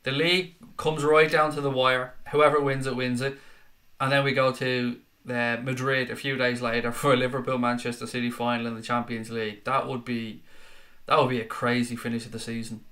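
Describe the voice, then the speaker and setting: A man in his own casual live-stream chat, reading out viewer comments one after another and answering them, often with a friendly "mate". His voice is bright and forward, with an ordinary middle pitch and a loose, conversational delivery. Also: flat delivery, fairly quick. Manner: chatty, reads out viewer comments, calls people mate. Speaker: fan channel host reading live chat.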